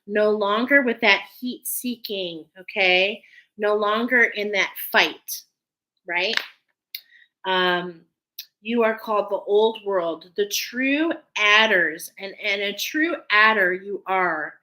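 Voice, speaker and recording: Casting note: woman, unhurried spiritual card reader, gentle and affirming, emotions close to the surface. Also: medium pitch, rough recording. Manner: slow, soothing, affirming, openly emotional. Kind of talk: intuitive tarot-style reading to viewers.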